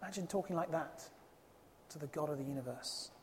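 A preacher delivering an emphatic, expressive sermon full of rhetorical questions. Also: medium pitch, brisk, slight background noise. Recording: long reverb of a hall.

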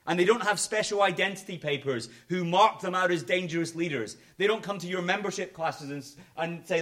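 A man preaching a sermon, swinging between emphatic high points and quiet low endings. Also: fairly quick, few pauses.

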